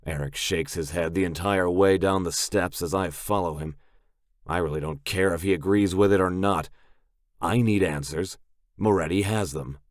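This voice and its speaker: A man's voice: low voice, moderate pace, no room sound, studio quality. A man narrating a romance audiobook in first person, in a gritty, blunt way.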